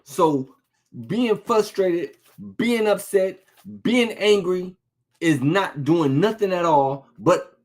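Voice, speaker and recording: A man's voice: sits high, slow pace, darkish tone. A man preaching an informal sermon, talking conversationally, repeating phrases for emphasis and asking rhetorical questions.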